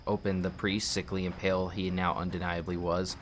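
A man playing through a game, reading a book aloud deliberately with small restarts, then making casual asides. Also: low voice, a bit bright. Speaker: game walkthrough player.

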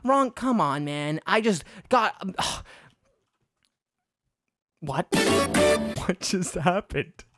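An excitable woman narrating her own gameplay, her voice leaping up and down in pitch. She panics, jokes and chatters playfully as she plays. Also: drawn-out words, pauses often, over loud music. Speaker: gaming YouTuber. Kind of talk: playing a game and commenting.

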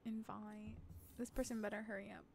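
A woman's voice: medium pitch, little pitch movement, fairly quick, gravelly, slight background noise. A woman streaming a game, chatting casually in a playful, giggly, teasing way. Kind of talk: casual gaming stream chat.

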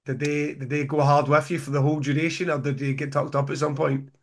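A man's voice: fairly high pitch, little pitch movement, fast. A man hosting a casual podcast chat over a remote call, rambling and laughing as he talks. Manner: chatty, laughing, rambling with restarts. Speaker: podcast host.

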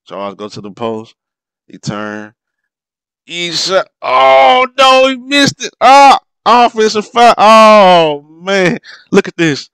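Over a replay of an old basketball game, a man calls the action with excitement, exclaiming often and laughing whenever someone slips up. His medium-pitched voice is fairly bright and clean, recorded dry, and his loose, informal speech clips verb endings.

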